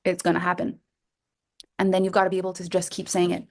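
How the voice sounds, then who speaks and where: A woman coaching members of her program on a group call, talking in a lively, playful way and acting out little scenes. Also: medium pitch, racing. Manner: lively, playful, acts out voices. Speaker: coach leading a women's program.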